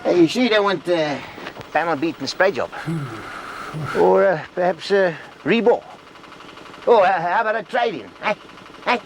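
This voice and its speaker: A man's voice: high-pitched, expressive, normal speed, long pauses, background noise. Cocky petrol pump guy, laughs at his own jokes, voice jumps all over. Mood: cocky, jokey. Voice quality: chuckling, full of bluster. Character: boastful, joking male petrol attendant. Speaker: petrol station owner. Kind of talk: sitcom acting.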